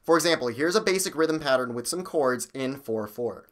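A man hosting a music theory lesson, explaining with an energetic, bouncy delivery. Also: mid-range voice, normal speed. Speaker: music theory teacher and host. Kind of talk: upbeat video music lesson.

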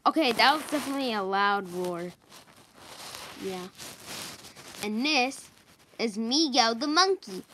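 A woman introducing a row of toys one by one, hesitant and pausing often to search for their names. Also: on the high side, lively intonation, pushed and bright, a little hiss or hum. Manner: hesitant, many pauses and ums. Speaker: toy show presenter.

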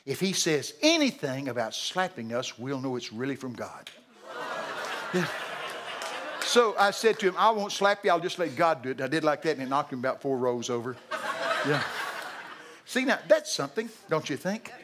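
An older man preaching a sermon, telling folksy stories and shouting out the voices of people in them. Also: fairly high pitch, sing-song, moderate pace, noisy background. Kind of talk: storytelling sermon. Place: large church hall.

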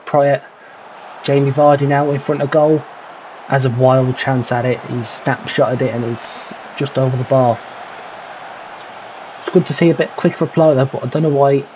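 A man's voice: mid-range voice, steady tone, a little slow, long pauses, a little mellow, slight background noise, poor audio. A man giving casual let's-play commentary on a football management game, calling out players and thinking aloud about tactics. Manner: calls player names, mutters his own worries. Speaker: gaming commentator.

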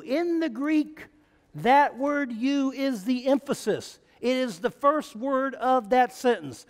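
A male pastor preaching a sermon in a church, swinging between loud emphatic runs and hushed, quiet lines. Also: very high-pitched, expressive, takes it slowly. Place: church sanctuary. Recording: long reverb of a church hall.

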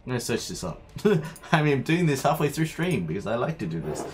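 Lively man narrating his gameplay. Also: medium pitch, quick pace. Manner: chatty, talks to himself while playing. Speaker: streamer. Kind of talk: live gameplay commentary. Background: faint game music.

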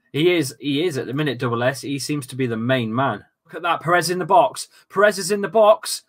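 A man hosting a football watchalong, commentating live with loud outbursts, swearing and casual banter with friends. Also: mid-range voice, lively intonation, moderate pace, slightly rough. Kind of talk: excitable live match commentary.

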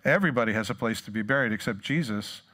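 A male pastor preaching a sermon, retelling scripture in a lively storytelling way and briefly acting out the people in it. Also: fairly low pitch, quick pace. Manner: animated storytelling, acts out quoted lines.

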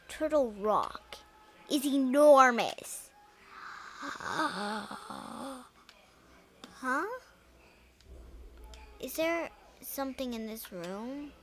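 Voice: high-pitched, lively intonation, very slow, pauses often, fairly bright tone, a little hiss or hum. A young gamer commenting on a game with rambling, exasperated talk and silly made-up songs. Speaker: let's play gamer.

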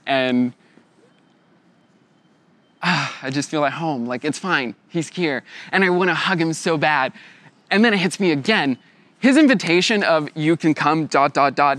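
A young man telling a personal story in a lively way, laughing often and acting out the voices of others. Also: fairly high pitch, dry recording.

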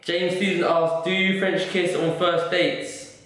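A man's voice: sits high, little pitch movement, measured pace, over loud music. A young man answering viewers' questions in a casual, joking vlog. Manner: chatty, joking, swears casually. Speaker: vlogger and fitness coach. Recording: very echoey room.

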